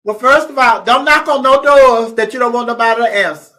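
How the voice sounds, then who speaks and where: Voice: medium pitch, fairly quick, sharp tone. A comedy talk show host telling a gossip story in casual, sassy chat and acting out the people in it.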